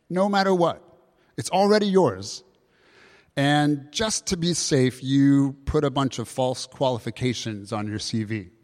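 A man preaching a sermon, explaining scripture with lively emphasis and rhetorical questions. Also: mid-range voice. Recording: long hall reverb.

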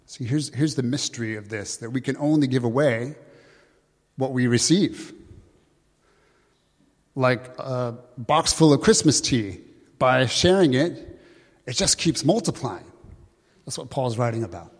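A man preaching a sermon in an earnest, conversational way, slowing down to read scripture aloud. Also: medium pitch, animated, breathy edge. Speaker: pastor. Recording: long hall reverb.

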